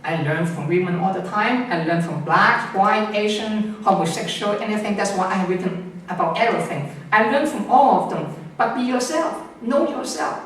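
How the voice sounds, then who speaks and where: High-voiced man lecturing in an echoey room. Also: moderate pace, a bit bright. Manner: emphatic and lecturing, with repeated words and restarts. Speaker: interviewed scholar. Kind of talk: opinionated interview answers. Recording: echoey room, distant mic, faint noise.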